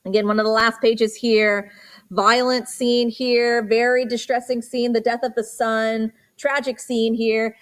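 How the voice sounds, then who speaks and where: A woman runs a live auction stream, her voice sitting a little high. She rattles off bid increments in quick repeated calls, then eases into slower descriptions of each piece. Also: flat delivery. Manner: rapid repetitive bid calls mixed with slower item descriptions. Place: auction studio for a livestream.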